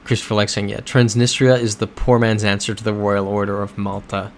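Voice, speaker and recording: Playing a geography game on stream, a man with a somewhat low, creaky voice talks at normal speed in a rambling, chatty way. He reads viewer messages aloud, responds easily, and chuckles softly, with a faint hum in the background.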